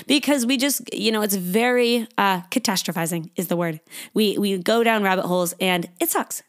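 A young woman hosting her own podcast in a loose, chatty monologue, dropping swear words as she goes. Her voice sits in an ordinary middle range, and she keeps slipping into higher-pitched impressions of her own inner thoughts. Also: fairly quick. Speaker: podcast host. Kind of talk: casual solo podcast monologue.

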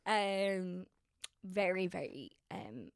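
Young woman, actor, gravelly voice; emotional, rambling interview talk, dry sound. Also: lowish voice, sing-song, very slow, dry recording. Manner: emotional, rambling, many fillers and restarts. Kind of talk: casual interview chat.

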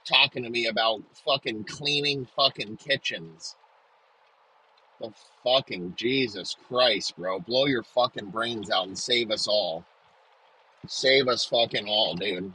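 A man's voice: fairly low pitch, slow, bright, forceful tone, breathy edge, low-quality recording. A man delivering an aggressive comedic rant, swearing nonstop and hurling insults.

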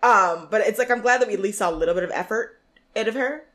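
A woman's voice: mid-range voice, fast. A young woman co-hosting a podcast, chatting casually about a reality show, giggly and full of fillers. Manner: animated, giggly, lots of fillers. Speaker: podcast co-host.

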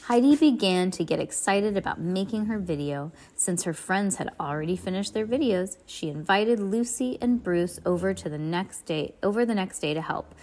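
A woman reads a children's chapter book aloud at home. She is expressive and chatty, breaking off for playful asides to a young listener, in a voice of middle pitch. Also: normal speed, few pauses. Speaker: reader of children's books.

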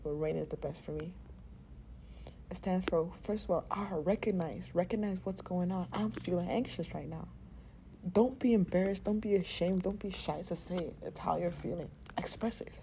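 A woman hosts her own podcast without notes, speaking in a relaxed, mellow voice at an ordinary pitch. She is frank and swears casually, laughs often, and sometimes drops to a soothing near-whisper. A faint hiss of background noise sits under her voice. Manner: candid and profane, with frequent laughs; soft, soothing and half-whispered in places. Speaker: podcast host. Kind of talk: unscripted podcast monologue.

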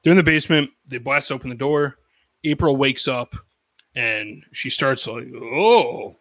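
A man co-hosting a podcast, recapping a cartoon episode in animated, casual storytelling with quoted lines and swearing. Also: mid-range voice, moderate pace, no room sound, low-quality recording. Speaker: podcast co-host.

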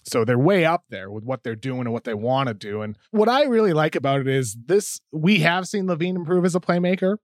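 A man co-hosting a podcast, giving quick, stat-heavy basketball analysis with stammered starts. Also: on the high side, expressive, no room sound, studio quality. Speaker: podcast co-host.

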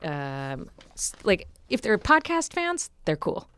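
A woman's voice: fairly low pitch, huge pitch swings, slow, a bit bright, clean tone. A woman comedian chatting casually, acting out quoted people in shifting voices. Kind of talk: casual chat.

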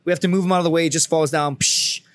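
Male podcast co-host, fast profane storyteller with a fairly high voice, dry close sound. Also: no echo. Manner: profane, animated storytelling with acted-out quotes. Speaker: podcast co-host, Marine veteran. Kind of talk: casual storytelling.

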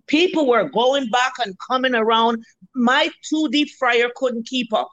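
A Jamaican woman in her fifties, a restaurant owner, telling lively stories in a casual interview, blunt and salty. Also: on the high side, unhurried, no room sound, lo-fi sound. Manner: lively storyteller, blunt and salty, acts out what people said.

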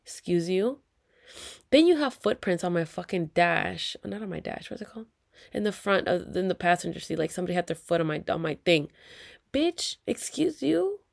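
A woman's voice: on the low side, fast, creaky. A woman, venting to viewers in a heated, profane story with whispered asides. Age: 30s. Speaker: vlogger.

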